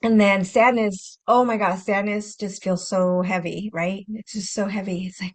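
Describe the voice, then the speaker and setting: A woman hosts a healing-focused podcast in a gentle, reflective self-help tone. Her voice sits at a medium pitch. She often repeats phrases and slips into soft, sighing inner-voice asides. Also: steady tone, moderate pace, hardly any pauses. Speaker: podcast host and healing coach.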